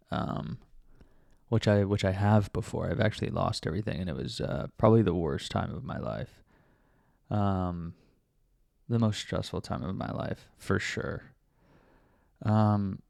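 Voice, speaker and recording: Low gravelly man musing aloud. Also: a little mellow, no room sound, studio quality. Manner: rambling, many fillers and restarts; talks to himself with self-mocking laughs. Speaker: vlogger. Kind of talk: casual reflective monologue.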